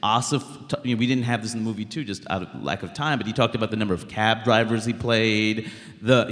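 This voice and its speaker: A man in his thirties from Queens, New York, a stand-up comedian talking bluntly in a live stage interview with lots of "like" fillers. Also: on the low side. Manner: blunt, animated, many "like" fillers. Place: live show stage in a hall. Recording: reverberant live hall.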